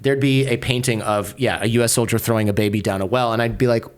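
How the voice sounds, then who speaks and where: A man in conversation telling a long story as an interview guest, slipping into the voices of the people he quotes. His pitch sits in an ordinary middle range, and his tone is sarcastic and casual, with frequent swearing. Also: steady tone, quick pace, clear, resonant tone. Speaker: podcaster and lawyer, guest.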